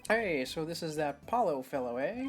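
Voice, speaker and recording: A woman voicing a loud, folksy old male noodle vendor with a put-on drawling accent, reading game dialogue aloud. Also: low voice, animated, brisk, faint music behind. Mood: boisterous.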